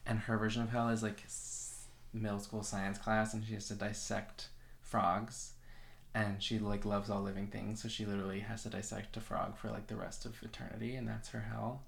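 A woman's voice: very deep voice, flat delivery, moderate pace, vocal fry. A woman chatting casually about a movie, quoting scenes in playful voices.

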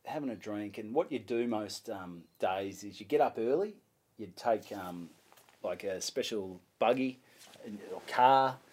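A young Australian man, a comedian, telling a story in a casual interview. He swears freely and acts out what people said in a louder voice. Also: lowish voice, measured pace. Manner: animated, swears freely, acts out his own lines in a louder voice. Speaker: comedian guest.

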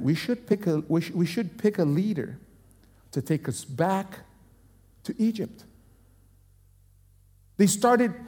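A man preaching a sermon as pastor, telling a story in an animated way and often repeating words as he builds a point. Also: very high-pitched, big-room sound.

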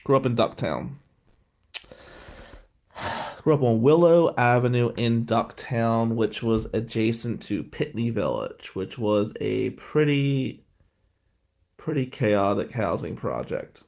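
A man's voice: mid-range voice, animated, slow pace, gravelly, long pauses, a little mellow. A middle-aged man, an attorney hosting a show, telling stories in a profane, ranting way and sounding exhausted. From Atlantic City, New Jersey. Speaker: attorney and podcast host. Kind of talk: casual monologue.

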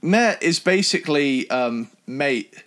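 British guy from cornwall, chatty and keen, talking albums with a friend. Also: a little slow. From Cornwall, England. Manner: enthusiastic, chatty, jumps in pitch when excited. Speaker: podcast co-host reviewing albums. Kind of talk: casual chat.

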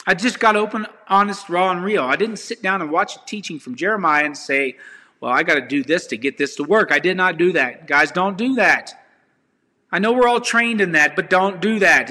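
A man's voice: on the high side, bright, forceful tone, in a large hall. A man giving an informal, earnest testimony and sermon, talking in a raw and confessional way straight to his viewers. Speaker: online preacher.

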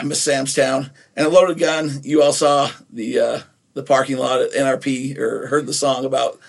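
A man's voice: medium pitch, gravelly. A middle-aged man from Nephi, Utah, co-hosting a podcast in a casual, rambling way with many restarts. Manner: rambling, with frequent restarts and fillers. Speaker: podcast co-host. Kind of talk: casual chat.

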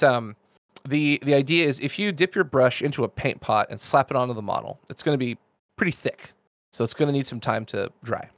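A man's voice: mid-range voice, no echo. A man in casual conversation, explaining things enthusiastically in long, flowing runs. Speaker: miniature painting expert host. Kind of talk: casual chat.

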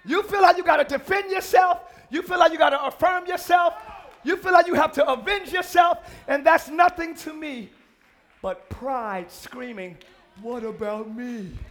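A man preaching a sermon as a pastor in a church, often shouting out to the congregation. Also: very high-pitched, moderate pace, some chatter behind. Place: church sanctuary during a live service.

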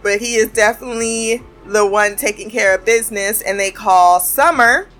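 A woman's voice: medium pitch, normal speed, fairly bright tone, faint music behind. A woman giving a casual, chatty recap of a cartoon episode, swearing freely and laughing often.

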